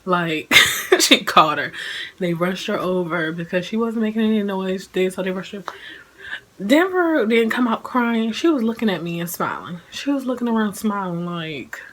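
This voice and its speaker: A woman's voice: medium pitch, lively intonation, normal speed, rough recording. Chatty young woman telling a story. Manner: chatty, lots of "like", laughs as she talks. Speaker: vlogger. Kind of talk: casual personal storytelling.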